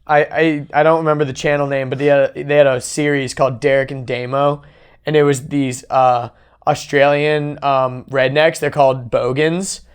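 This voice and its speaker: A man's voice: mid-range voice, level tone, moderate pace, clear, resonant tone. A man hosting a podcast in casual chat, laid-back, laughing often and swearing freely. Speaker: podcast host.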